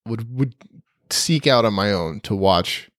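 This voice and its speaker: A man's voice: lowish voice, animated, a little slow, fairly bright tone, dry recording, clean studio sound. A man co-hosting a podcast, chatting casually in a playful, teasing way. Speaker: podcast co-host. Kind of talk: casual chat.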